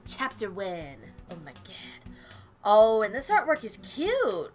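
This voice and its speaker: A woman hosting a casual let's-play, chatty and giggly, reacting out loud as she reads a visual novel. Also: fairly high pitch, huge pitch swings, takes it slowly, soft background music. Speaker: gaming channel host.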